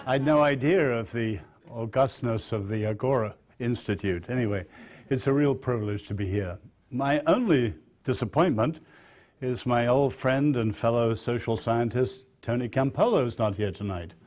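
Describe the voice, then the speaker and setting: A man with an English accent giving a public lecture, measured and dryly witty, leaning on key phrases. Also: mid-range voice, darkish tone. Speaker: guest lecturer.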